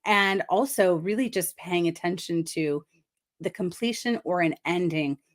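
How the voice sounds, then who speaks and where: A numerology coach gives a live card reading in a fairly low, unhurried voice. She is soft, affirming and reflective, often checking in with the listener.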